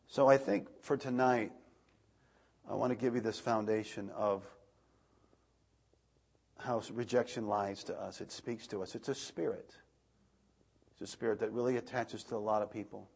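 A man in his thirties preaching a sermon, animated, swinging between loud outbursts and soft asides. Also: lowish voice, normal speed, gravelly, long pauses, breathy edge.

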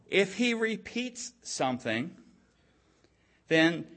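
A man preaching a sermon, telling a story and checking in with his listeners, growing louder at dramatic moments. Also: a little high, animated. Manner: storytelling, repeats "okay?" to the audience; slow and deliberate, swelling louder at dramatic moments.

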